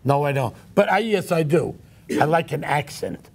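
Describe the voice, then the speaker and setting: A man's voice: on the high side, lively intonation, moderate pace, vocal fry, darkish tone, husky. A man hosting a casual talk show, brash and joking as he tells stories. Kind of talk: casual chat.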